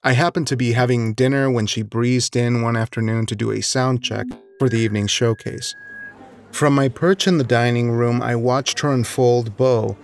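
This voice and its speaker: A man reading a short story aloud in a measured, wry storytelling manner. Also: medium pitch, steady tone, no echo. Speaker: narrator. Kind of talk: scripted narration of a short story.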